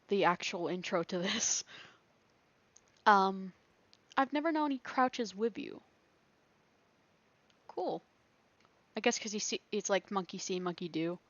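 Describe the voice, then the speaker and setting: A woman's voice: mid-range voice, a bit bright, no room sound, highs cut off. A woman playing a survival game and thinking aloud, chatty and rambling, laughing often. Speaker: gaming video creator. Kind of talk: thinking aloud during gameplay.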